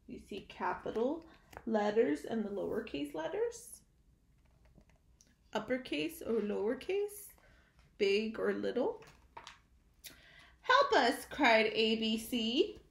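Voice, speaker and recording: A woman reading a picture book aloud to young children, slow and animated, stopping to ask her listeners questions. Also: a little high, gravelly, echoey room.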